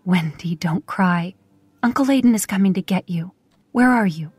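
A woman reading a calm, soothing wealthy man. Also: medium pitch, moderate pace, breathy edge, no room sound, lightly acted. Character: stern rich man, tender with child.

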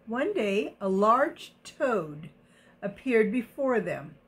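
A woman reading a picture book aloud to children, gently stopping to explain words and ask questions. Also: fairly high pitch, very animated, slow. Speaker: storybook reader.

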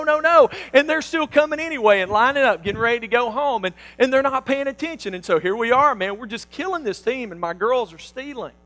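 A man preaching a sermon, telling a personal story with animated swings between loud bursts and hushed quotes. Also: high-pitched, low-quality recording.

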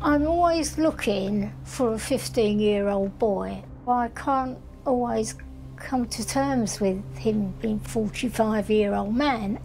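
Older lady talking slow and careful, soft mellow voice, bit of music under. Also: fairly high pitch, low-quality recording. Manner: slow, halting, emotional. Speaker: mother of missing boy. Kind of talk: interview.

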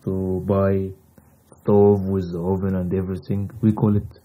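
A man with an Egyptian Arabic accent, a native Arabic speaker teaching vocabulary in simple English, repeating each word slowly. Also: low-pitched, flat delivery, phone-quality sound. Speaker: language teacher. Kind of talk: casual vocabulary lesson.

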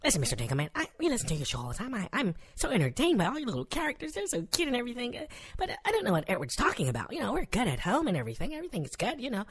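A level-headed wife who scolds her bossy husband on a comedy call-in, as a woman acts her out. She rattles along quickly in a husky voice that leaps all over the place in pitch, exasperated rather than angry. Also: huge pitch swings, exaggerated voice. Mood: chatty. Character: sensible, scolding wife of the caller. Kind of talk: comedy radio call-in sketch.

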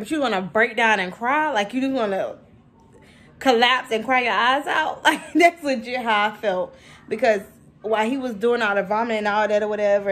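A woman talks to her viewers at home in a casual vlog. She tells her stories in an animated, expressive way and keeps calling her audience y'all. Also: mid-range voice. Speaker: vlogger, mother of two.

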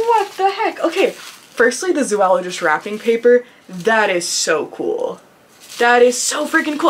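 High, lively gushing woman vlogger. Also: background noise. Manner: gushing and effusive, full of "like" and "oh my gosh". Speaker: vlogger unboxing viewer mail. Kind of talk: casual chat.

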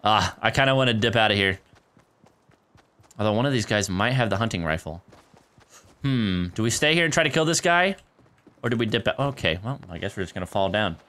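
A man's voice: on the low side, animated, brisk, long pauses, sharp tone. A man streaming a shooter game live, chatting casually with viewers, laughing often and calling them dude and guys, into a desk microphone at home. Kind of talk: casual live gameplay commentary. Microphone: desk microphone near a keyboard.

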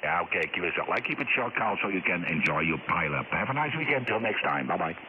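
A man's voice: deep voice, big pitch swings, fast talker, sharp tone. A man calling in on ham radio, brief and polite. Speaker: radio caller. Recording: tinny radio with noise.

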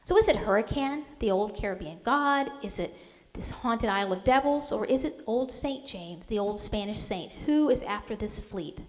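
A woman's voice: mid-range voice, expressive, moderate pace, hardly any pauses. A woman author giving a history lecture, telling the story expressively with dramatic readings. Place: lecture hall at a museum. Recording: long hall reverb.

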